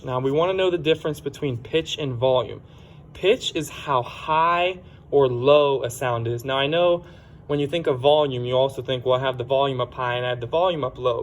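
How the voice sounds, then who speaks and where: A man at a middle pitch giving a recorded science lesson to children at home. He explains step by step and uses everyday examples. He talks plainly, with the odd filler, and corrects himself when he misspeaks. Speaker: teacher.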